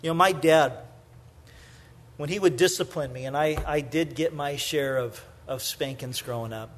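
A middle-aged man preaching a sermon in a conversational way, full of "you know" fillers, moving from lively storytelling into soft, hushed emphasis. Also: fairly high pitch, moderate pace, long pauses. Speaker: pastor.

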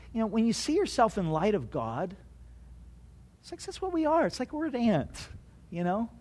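Male pastor, middle-aged, light high voice, chatty self-deprecating sermon delivery. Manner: conversational, self-deprecating, frequent "you know".

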